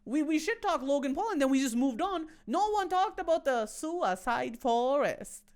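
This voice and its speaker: A woman's voice: sits high, lively intonation, normal speed. A woman comedian hosting a casual podcast, spinning playful hypothetical bits. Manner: playful storyteller, building bits.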